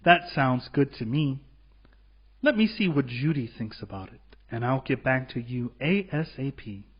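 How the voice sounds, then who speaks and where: A man voices an upbeat, helpful student in a scripted textbook dialog. His pitch swings lively and his voice is a bit husky. The sound is muffled and lo-fi. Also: moderate pace. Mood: friendly. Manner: upbeat, eager to help. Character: friendly helpful male college student. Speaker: dialog actor. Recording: muffled lo-fi studio recording.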